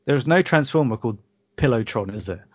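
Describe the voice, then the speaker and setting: British man, animated pitch, rambling sweary drunk podcast chat, dry muffled audio. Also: fast, no echo. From Britain. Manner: rambling, swearing, laughing at his own jokes. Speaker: podcast co-host.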